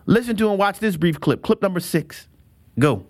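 An American man hosting a talk show monologue, emphatic and animated, acting out quotes as he goes. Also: high voice, moderate pace. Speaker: show host.

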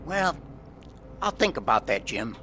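A man's voice: mid-range voice, sing-song, a little slow, sharp tone, a little hiss or hum. A man playing an easygoing younger brother who chats casually while riding in a truck. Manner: casual, chatty.

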